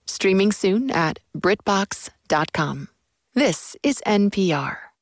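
A female station announcer reading sponsor messages in a smooth, unhurried way into a close studio mic. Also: medium pitch, animated.

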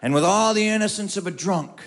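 Guy with a high voice doing comic storytelling, wry timing, lets the punchlines hang. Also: brisk.

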